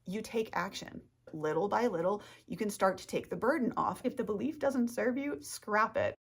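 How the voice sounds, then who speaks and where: A woman's voice: medium pitch, moderate pace, slightly rough. A woman talking to camera in a casual rambling monologue as a self-help vlogger, tripping over her words, losing her train of thought and giggling.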